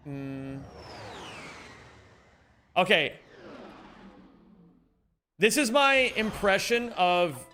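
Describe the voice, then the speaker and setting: A man streaming a speedrun live, chatting with viewers in an animated, joking way and swearing casually. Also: sits high. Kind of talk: live-stream chat while gaming.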